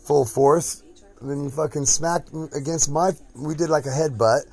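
A man's voice: on the high side, normal speed, a little mellow, husky. A man hosting a casual podcast chat at home, crude and joking, rambling from one thing to the next. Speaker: podcast host.

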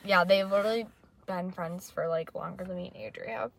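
A young woman co-hosting a podcast in casual chat, animated and swearing freely as she acts out what people said. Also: mid-range voice, fairly quick, gravelly, slight background noise. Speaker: podcast co-host.

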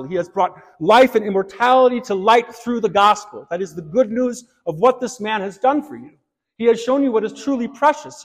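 High-voiced man preaching in an echoing church. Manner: earnest preaching, shifts to light anecdote. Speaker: pastor. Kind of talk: sermon. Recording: long reverb of a church hall.

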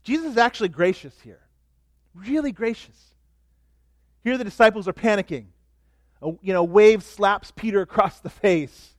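A middle-aged man preaching a sermon as pastor, animated, dropping to soft asides. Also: high voice, moderate pace, long pauses, dry recording, studio quality.

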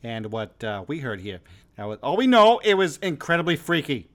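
A man's voice: fairly high pitch, very animated, normal speed, fairly bright tone. A man hosting a comedy podcast in easygoing, rambling casual chat, with faint music behind. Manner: easygoing, rambling, hedging with fillers. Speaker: host.

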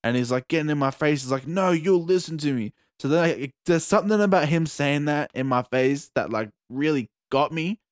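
A young man with an Australian accent telling a story in a casual chat, animated and swearing freely. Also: a little high, a little fast, hardly any pauses, smooth, no room sound, clean studio sound.

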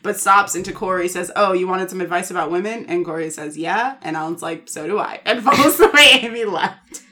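A woman co-hosting a podcast, recapping scenes in lively storytelling and acting out the quoted lines. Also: on the low side, a little fast. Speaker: podcast co-host.

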